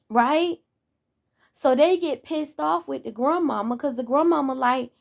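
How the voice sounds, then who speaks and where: A young woman in her twenties vents on her channel in a casual monologue, sounding exasperated, repeating herself and addressing viewers directly with rhetorical questions. Her high-pitched voice has vocal fry and a moderate pace, captured in a clean studio with no echo.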